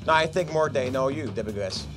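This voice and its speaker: A man presenting a live casino game, chatting playfully with viewers and joking between rounds. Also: medium pitch. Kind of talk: lively chat with viewers while running a game.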